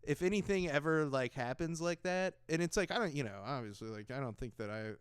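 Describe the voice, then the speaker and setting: A man hosting a podcast in casual chat, telling stories in an animated way, laughing often and acting out other people's lines. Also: fairly high pitch, brisk, clear, resonant tone, no echo, clean studio sound. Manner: animated storytelling, laughs often, acts out voices. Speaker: podcast host.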